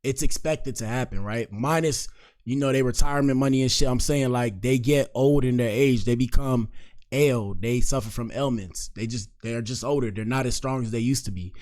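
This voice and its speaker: A man's voice: mid-range voice, moderate pace. A young man hosting a casual online reaction show, talking loosely in slang and reading out viewer comments. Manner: loose slangy talk, reads chat shout-outs. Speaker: streamer host reacting to clips.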